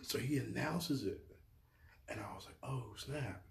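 Lively storytelling pastor, echoey room. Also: male voice, medium pitch, a little slow, vocal fry. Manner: animated storyteller acting out quoted voices. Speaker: pastor, podcast co-host. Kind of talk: casual storytelling chat.

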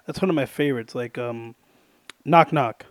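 A man's voice: medium pitch, moderate pace, dry recording. A young man hosting a casual podcast, joking, swearing and laughing a lot. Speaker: podcast host. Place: garage bedroom. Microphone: studio mic.

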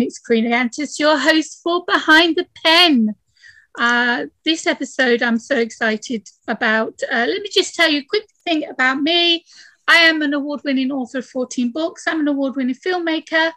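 A woman's voice: high-pitched, moderate pace, bright, forceful tone, dry recording. A woman hosting a casual interview podcast, eager and chatty, with many "uh" fillers. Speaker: podcast host.

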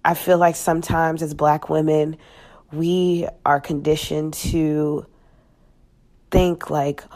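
Low-voiced woman speaking bluntly. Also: steady tone, darkish tone. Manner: blunt and profane, with halting restarts. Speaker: podcast guest. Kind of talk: candid personal reflection.

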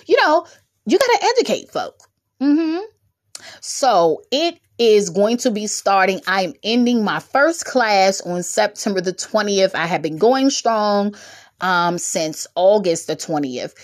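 A woman hosting her own podcast, exhorting listeners in a bubbly, humorous, preachy way with sudden jumps in pitch. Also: lively intonation, takes it slowly. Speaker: podcast host. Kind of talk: preachy motivational podcast talk.

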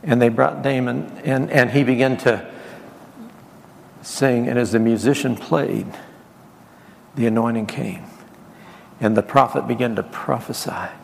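Male pastor, gravelly voice, preaching with call-and-response; long hall reverb, faint background noise. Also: mid-range voice, a little slow, pauses often. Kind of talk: sermon.

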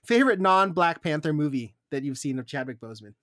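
A man's voice: fairly high pitch, lively intonation, fast talker, fairly bright tone, dry recording, studio quality. A man co-hosting a food podcast, chatting casually and joking about himself, laughing often. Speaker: podcast co-host. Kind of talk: casual chat.

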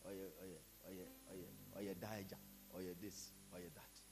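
A man with a Ghanaian accent preaching a sermon, building up to shouted lines. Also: sits low, little pitch movement, takes it slowly, background noise. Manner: preaching, switching between Twi and English, rising to shouts. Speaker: pastor. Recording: with loud music behind.

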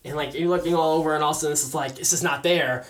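A young man telling a personal story in a casual, animated way, often laughing and acting out the people he quotes. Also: on the high side, rapid-fire. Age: young adult.

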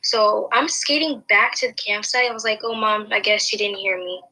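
A woman's voice: medium pitch, fairly even intonation, normal speed, bright, forceful tone, low-quality recording. A young woman telling a personal story in casual chat, rambling along with lots of restarts and fillers. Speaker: podcast host.

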